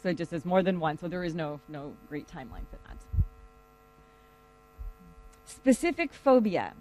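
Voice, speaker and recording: A lecturer giving a conversational classroom talk and telling lively stories to students. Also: medium pitch, fairly quick, faint music behind, low-quality recording.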